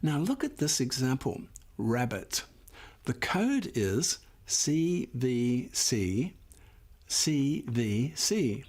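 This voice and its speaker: Slow, patient male phonics teacher. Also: medium pitch, big pitch swings, darkish tone. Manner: patient, sounds words out deliberately, praises the class. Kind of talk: slow, clear classroom instruction.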